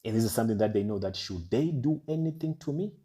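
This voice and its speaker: A man's voice: medium pitch, lively intonation, quick pace, warm tone. A man delivering an ominous, emphatic monologue as an online commentator, building urgency through repeated rhetorical phrases. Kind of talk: dramatic monologue.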